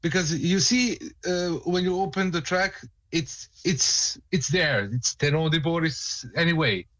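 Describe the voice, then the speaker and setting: Man, co-host, casual chat, hesitant, lots of restarts, slightly high voice. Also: measured pace, a bit bright. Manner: hesitant, searching for words, many restarts. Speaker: co-host and music producer.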